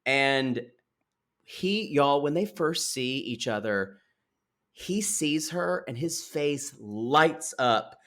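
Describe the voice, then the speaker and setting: A man co-hosting a podcast, recapping a reality TV episode in gossipy, animated casual chat and speaking to listeners as y'all. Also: mid-range voice, slow pace. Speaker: podcast co-host.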